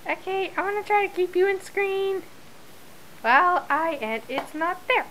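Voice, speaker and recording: Woman, home video, very high sing-song baby talk to her dog, swooping and unhurried. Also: animated, fairly bright tone, a little hiss or hum, low-quality recording. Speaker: pet owner filming her dog.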